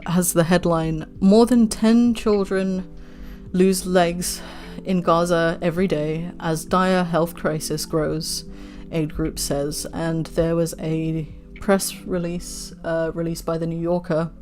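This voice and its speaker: A woman with a low, mellow voice reads news articles aloud. She keeps stopping to swear in frustrated asides and sounds close to tears. Faint music plays underneath her. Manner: swears often in heated asides, near tears. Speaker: commentator reading news aloud.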